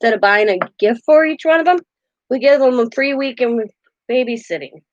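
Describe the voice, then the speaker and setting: Older woman, live-stream host, chatty and quick to laugh; dull, dry home recording. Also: a little high, no echo. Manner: chatty, laughs often, acts out quotes. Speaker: craft channel host. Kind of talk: casual live-stream chat.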